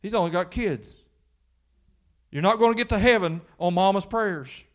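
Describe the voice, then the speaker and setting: A man's voice: sits high, moderate pace. A man preaching a sermon as pastor, emphatic and full of rhetorical questions.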